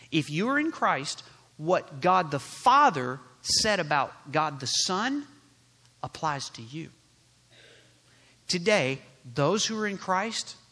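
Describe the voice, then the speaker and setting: Pastor, male, fairly high bright voice, emphatic sermon delivery, long church-hall reverb. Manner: emphatic, rhetorical questions, shifts from loud to quiet. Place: church sanctuary.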